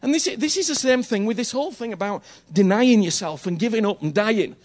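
High-voiced man preaching earnestly. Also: animated, brisk. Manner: earnest, conversational, checks in with "you understand me?"; repeats phrases for emphasis. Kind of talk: sermon.

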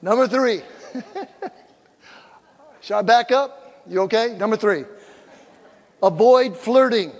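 An older man delivers a sermon in a notably high voice, mixing teaching with humor. He slips into acted-out quotes to make his points. Long hall reverb trails his words. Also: takes it slowly, pauses often. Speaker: pastor.

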